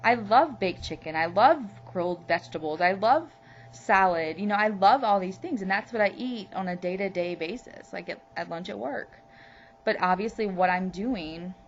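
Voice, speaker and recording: A woman from Louisiana talking candidly in a personal video diary, heartfelt and rambling with lots of "you know"s. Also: mid-range voice. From Louisiana, USA. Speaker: vlogger. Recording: muffled lo-fi recording with faint hum.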